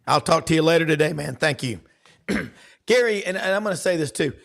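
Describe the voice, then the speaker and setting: Gravelly, folksy Southern sports host. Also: male voice, on the high side, animated, fairly quick. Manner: folksy, rambling with many fillers. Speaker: podcast host. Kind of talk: casual sports talk.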